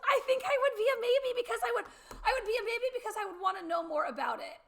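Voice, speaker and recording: A woman's voice: extremely high pitch, animated, vocal fry. A middle-aged woman hosting a morning show, chatting casually and laughing easily. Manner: chatty and giggly, quick to laugh. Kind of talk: casual chat.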